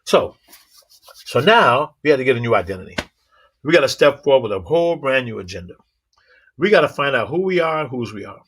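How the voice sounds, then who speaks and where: A man giving a motivational talk, telling animated stories with sound effects and rhythmic, preacherly repetition. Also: mid-range voice, fairly quick, pauses often, slightly rough. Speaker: motivational speaker.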